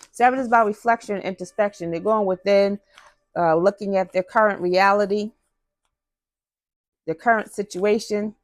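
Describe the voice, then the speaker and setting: A woman's voice: medium pitch, no room sound, clean studio sound. Chatty woman doing a card reading. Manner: chatty, drops into slang, talks to viewers directly. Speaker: tarot reader. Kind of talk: casual spiritual card reading.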